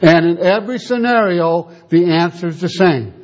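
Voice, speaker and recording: A man's voice: high-pitched, moderate pace, darkish tone. A man preaching a sermon, telling a story and acting out the voices of the people in it. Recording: dull lo-fi sound.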